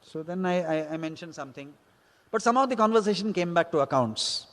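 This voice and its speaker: A man's voice: fairly high pitch, lively intonation, fast, fairly bright tone. A man, a teacher, telling a personal story from his student days and acting out the exchanges he quotes. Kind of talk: spoken personal anecdote. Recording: hall reverb.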